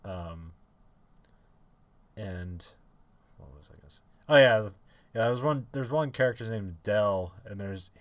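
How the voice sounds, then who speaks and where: In a low voice with no echo on the recording, a man co-hosts a casual podcast, rambling with lots of fillers and restarts and laughing a lot.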